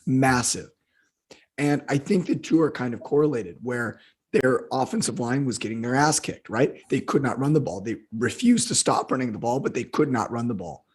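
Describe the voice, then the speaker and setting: A hoarse man co-hosting a football podcast, ranting in heated, profane casual chat. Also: mid-range voice, fairly quick. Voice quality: husky. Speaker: football analyst co-host.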